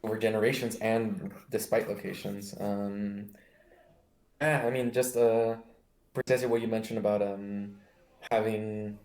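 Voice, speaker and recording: A man's voice: fairly low pitch, fairly even intonation, measured pace, a little mellow, reverberant, poor audio. A young man from Mexico with an American accent, chatting casually as host, rambling with many fillers and restarts. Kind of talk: casual chat.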